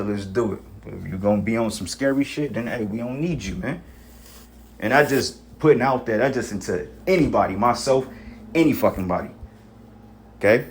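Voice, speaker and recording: A man giving an informal sermon to his brothers, exhorting in casual street talk with frequent profanity and repeated "you know what I'm saying". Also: fairly low pitch. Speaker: preacher.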